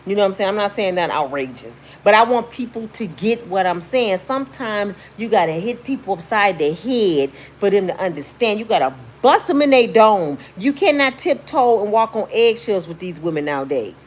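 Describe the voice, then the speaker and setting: A woman's voice: medium pitch, normal speed, hardly any pauses, slight background noise. A woman vlogger telling a story in casual, emphatic commentary, slangy and blunt, acting out what people said. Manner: emphatic, animated, slangy, acts out quotes in shrieks.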